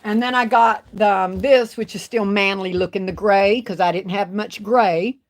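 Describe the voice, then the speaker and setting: A craft vlogger talks to her audience during a livestream in a relaxed, chatty way, stretching her words out. Her voice is mid-range with fairly even intonation.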